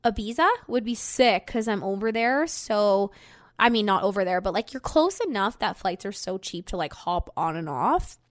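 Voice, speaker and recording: A young woman hosting a podcast tells a story in casual chat, swearing freely and saying "like" constantly. Her voice is medium-pitched with lively intonation and a moderate pace, recorded with clean studio sound and no room sound.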